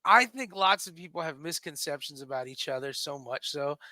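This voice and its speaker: A man's voice: fairly high pitch, animated, a little fast, sharp tone, dry recording. A man co-hosting a comedy radio talk show, telling jokey stories and acting out the voices he quotes. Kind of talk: casual comedy radio banter.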